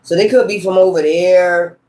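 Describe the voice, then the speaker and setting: Guy w/ a high voice doing a tarot reading, cussing and rambling, roomy echo. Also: steady tone, moderate pace, a little mellow. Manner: blunt, profane, rambling. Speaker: tarot reader. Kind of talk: casual tarot reading monologue.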